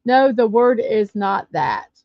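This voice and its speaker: A woman's voice: mid-range voice, very animated, slow, no echo. A woman hosting a casual livestream, chatting and reading viewer comments aloud. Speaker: livestream host. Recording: dull lo-fi dry stream audio.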